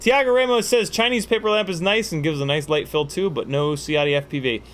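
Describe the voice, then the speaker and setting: A man's voice: on the high side, fairly quick, fairly bright tone. A man hosting a casual livestream Q&A, joking, swearing and rambling with lots of fillers while he reads out viewer questions. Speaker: livestream host.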